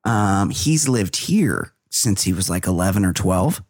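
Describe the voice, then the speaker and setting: A man's voice: deep voice, unhurried, no echo, studio quality. A man co-hosting a casual comedy podcast, rambling and profane as he riffs. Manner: rambling, profane, animated riffing. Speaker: podcast co-host.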